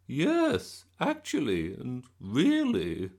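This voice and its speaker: A man voicing an excited, giggly old grandmother in a high squealing voice, reading a children's story aloud. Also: drawn-out words, full character voice. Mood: delighted.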